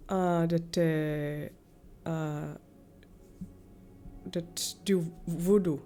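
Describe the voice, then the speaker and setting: Casual let's-play streamer woman, low-ish voice, slow, thinks out loud. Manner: musing, halting, thinking aloud.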